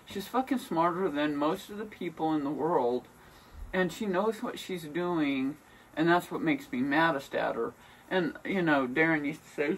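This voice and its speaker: A woman's voice: low voice, lively intonation, unhurried, far from the mic. A woman vlogging at home in a casual, rambling way, venting bluntly with lots of swearing. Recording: voice from away from the mic, faint room noise.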